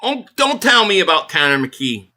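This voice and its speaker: A man's voice: sits high, big pitch swings, normal speed, sharp tone. A man hosting a live stream, angrily ranting about a football game, swearing bluntly and repeating his points while reading viewer messages. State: angry.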